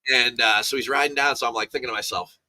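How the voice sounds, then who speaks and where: A man with a bright, forceful voice talks through golf betting picks in a loose, casual chat. He rambles into side stories, restarting sentences and piling on asides as he goes. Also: medium pitch, steady tone, fast talker, dry recording.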